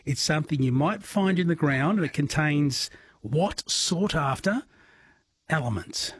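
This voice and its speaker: A man's voice: on the high side, animated, measured pace. A man with an Australian accent hosting a late-night radio quiz, chatty and joking with callers. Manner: chatty, jokey, laughs easily.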